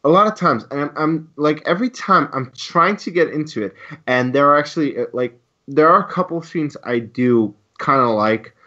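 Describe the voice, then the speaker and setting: A man's voice: on the high side, normal speed. A man co-hosting a podcast, ranting heatedly with a lot of swearing. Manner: heated, profane, animated ranting. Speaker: podcast co-host. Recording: lo-fi dull sound.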